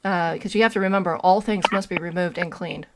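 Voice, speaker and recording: A woman's voice: lowish voice, fairly even intonation, brisk, noisy background. A woman joining a casual chat, stammering and insistent as she argues her point. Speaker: caller joining a podcast.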